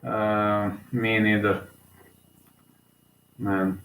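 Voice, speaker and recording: A man commentates on fights in a casual, unscripted way. He sounds emotional and hesitant, reasoning aloud as he goes. His mid-pitched voice rings in an echoey room. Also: unhurried, a bit bright, a little hiss or hum. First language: Serbian.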